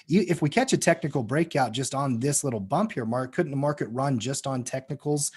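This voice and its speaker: A man's voice: mid-range voice, a little fast, a little mellow, husky. A man hosting a live stock market show, chatting casually and directing his co-hosts. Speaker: show host.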